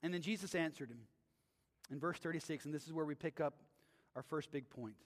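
A man's voice: on the high side, a little fast. A male pastor preaching a sermon in a conversational way, often checking in with the audience with "right?", in a church sanctuary with long reverb.

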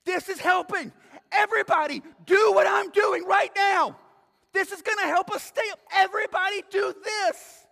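A man playing a panicky airline passenger who frantically insists, shouting. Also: very high-pitched, racing, gravelly, hardly any pauses, voice pushed up, full character voice. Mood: frantic. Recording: long hall reverb.

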